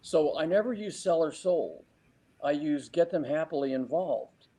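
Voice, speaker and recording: A man giving real estate sales advice in an interview, speaking lively and acting out exchanges with clients. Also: a little high, a little slow, poor audio.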